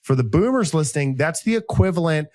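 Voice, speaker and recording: A man in his thirties hosting a podcast, chatting casually with co-hosts, mixing jokes and ad reads in a rambling, deadpan way. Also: on the high side, brisk, no echo. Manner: joking, rambling, deadpan asides. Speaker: podcast host.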